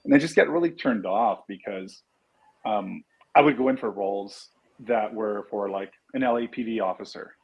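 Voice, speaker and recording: Animated storytelling man from LA. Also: mid-range voice, normal speed, gravelly, slightly rough, lo-fi sound. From Los Angeles. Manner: animated storyteller, acts out quotes. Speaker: guest actor and producer. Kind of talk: casual interview chat.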